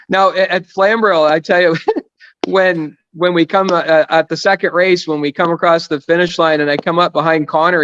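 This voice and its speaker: A man's voice: on the high side, a bit bright, dry recording, muffled recording. A man in his fifties, a guest racing driver on a casual podcast, telling stories in a rambling, self-deprecating way. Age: 50s.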